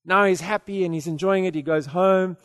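A man with a high voice preaches, his words ringing in a hall with a long reverb. He talks in a loose, conversational way, stumbling over repeated words, then rises to forceful declarations. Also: brisk. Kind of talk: sermon.

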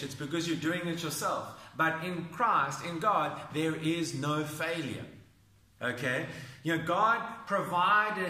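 A man preaching with emphasis, his voice bright and forceful and a little higher than most. He keeps asking "okay?" to drive each point home. The sound rings in an echoey room. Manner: emphatic, often asks "okay?". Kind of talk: sermon.

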